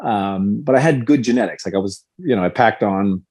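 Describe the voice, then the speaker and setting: A man in his fifties with a fairly low voice speaks a little fast as a podcast guest, recounting his past as a former fighter in a candid, lively way. He slips into acted-out quotes as he tells the story.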